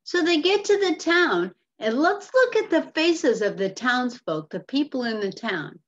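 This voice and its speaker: A woman's voice: sits high, sing-song, a little slow. A woman teacher reading a picture book aloud to children, patiently explaining and asking questions, on a muffled lo-fi recording.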